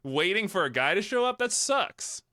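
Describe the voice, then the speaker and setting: Man, podcast co-host, lively swooping pitch, bright tone, dry close sound, jokey recap. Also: moderate pace, no echo. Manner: animated, mocking quotes with crude jokes. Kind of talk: casual comedic recap chat.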